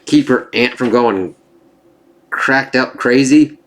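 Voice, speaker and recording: A man's voice: medium pitch, takes it slowly, fairly bright tone, slight background noise. A man giving a casual spoiler review of a comic. He swears freely, rambles and corrects himself, and reads the dialogue aloud in livelier voices.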